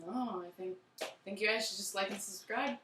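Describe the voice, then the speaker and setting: A woman's voice: medium pitch, fairly quick, fairly bright tone. A woman co-reviewing a movie in casual chat, agreeable and loose, trailing off between thoughts. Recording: roomy, distant mic.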